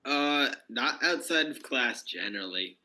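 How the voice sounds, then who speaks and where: A young man chatting casually on a stream in a low-key, dry way. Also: lively intonation, measured pace, bright, forceful tone, rough recording. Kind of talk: casual chat.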